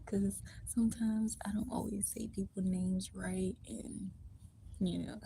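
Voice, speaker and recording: A woman's voice: medium pitch, level tone, slow pace, creaky, long pauses, mellow, slight background noise, low-quality recording. A woman in her twenties whispering on a live stream from a library, reading a book aloud and chatting in a giggly, goofy way. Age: 20s. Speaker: livestream host. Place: indoor public library.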